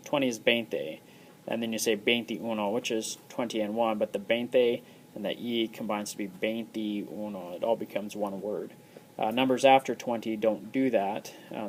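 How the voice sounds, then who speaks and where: A man's voice: on the low side, a little hiss or hum, rough recording. A man giving a casual recorded lesson, explaining step by step with many ums and uhs. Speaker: teacher.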